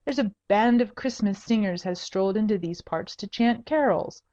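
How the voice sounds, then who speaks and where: A woman's voice: mid-range voice, normal speed, dark tone, muffled recording, natural voice. A woman voicing a blunt ruthless henchman. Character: gruff ruthless male henchman.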